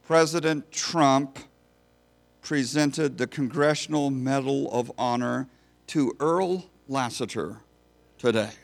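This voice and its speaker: A man's voice: medium pitch, takes it slowly, gravelly. A man preaching a sermon to a congregation in a folksy, storytelling manner. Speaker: pastor.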